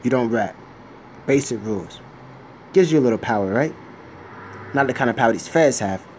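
A man's voice: mid-range voice, expressive, normal speed, darkish tone, slight background noise, natural voice. A man reading a script aloud as a tough older mafia boss who lectures emphatically about loyalty and rules. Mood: stern lecturing.

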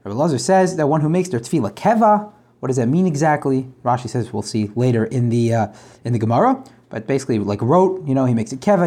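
Guy going thru talmud fast, reads a line then explains it, lots of restarts. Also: mid-range voice, warm tone. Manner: translates line by line, restarts phrases, conversational asides. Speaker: Talmud teacher. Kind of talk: casual Talmud class.

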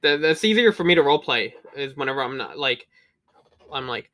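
A man's voice: mid-range voice, expressive, a bit bright. A man co-hosting a podcast in casual chat, riffing jokes and swearing freely. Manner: profane, joking, quick riffing. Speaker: podcast co-host.

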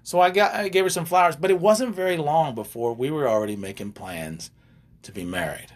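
With a slightly high voice and a somewhat quick delivery, an older man, a relationship coach, swaps stories in a casual, animated chat, slipping into asides and jokes along the way.

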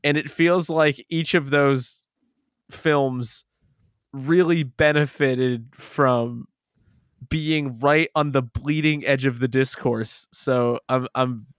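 A man's voice: medium pitch, steady tone, takes it slowly, clear, resonant tone, no echo, studio quality. A man hosting a casual podcast, rambling and self-deprecating, laughing often as he loses his train of thought. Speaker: podcast host.

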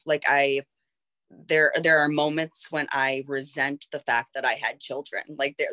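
A woman's voice: extremely low pitch, fairly bright tone. A woman in her thirties talking as a guest in a candid personal conversation, reflective and frank, with many "like"s as she thinks aloud. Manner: reflective, frank, heavy use of "like".

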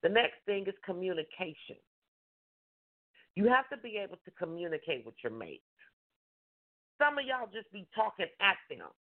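A woman's voice: mid-range voice, sing-song, moderate pace, long pauses. Emphatic woman life coach over a phone line. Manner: emphatic, repetitive preaching with acted-out mimicry. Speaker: life coach and call-in show host. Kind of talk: call-in advice talk. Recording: tinny phone-line sound.

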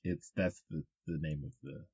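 Man, podcast co-host, low voice, dry dead-sounding recording, laid-back. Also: expressive, normal speed, vocal fry, mellow, husky, no echo, dull audio. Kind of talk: casual chat.

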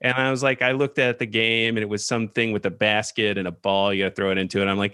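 A man hosting a podcast, telling a self-mocking comedic story in an animated way with quick restarts. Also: lowish voice, clean tone, dry recording, studio quality. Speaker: podcast host.

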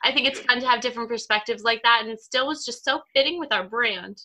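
A woman in her twenties co-hosts a podcast over a video call, chatting casually and cheerfully with plenty of filler words. Her voice is fairly high, quick, pushed and bright.

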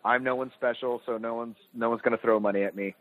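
A man's voice: medium pitch, steady tone, quick pace. A man, a filmmaker guest on a podcast, telling a candid, self-deprecating story in casual chat. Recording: tinny phone-like line.

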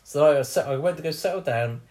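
A man's voice: fairly high pitch, fast talker, darkish tone. A young man telling a bawdy story on a casual podcast, laughing often as he acts out what people said.

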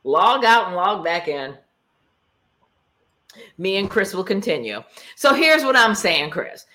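Woman, co-host, casual video-call chat, blunt, animated, bright tone. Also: mid-range voice, a little slow. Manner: blunt, animated, acts out quotes. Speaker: podcast co-host.

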